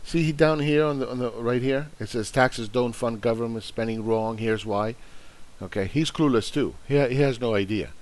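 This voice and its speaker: A man's voice: medium pitch, moderate pace. Angry, profane man ranting about money. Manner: angry, sarcastic, profane, mocking. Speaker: investing channel host. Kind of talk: ranting commentary.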